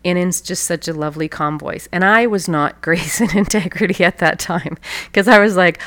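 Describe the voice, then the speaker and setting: A woman coach hosts her own show, telling a childhood story and drawing a life lesson from it. Her voice sits low, and she speaks reflectively, with soft laughs. The recording is dry, with no room sound. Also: steady tone, normal speed, gravelly, no echo. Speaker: personal excellence coach and podcast host. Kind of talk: motivational storytelling monologue.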